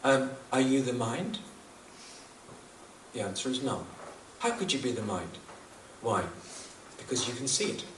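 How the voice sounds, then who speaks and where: A man's voice: mid-range voice, lively intonation, unhurried, long pauses, noisy background. A man sharing spiritual teachings in a reflective talk, earnest and prone to repeating himself. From New Zealand. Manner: earnest, repeats himself, chuckles at his own jokes. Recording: echoey room, speaker far from the mic.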